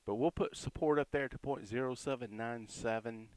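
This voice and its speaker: A man giving casual, chatty commentary on crypto price charts, reading out support and resistance levels with quick asides. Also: medium pitch, clear, resonant tone, no echo.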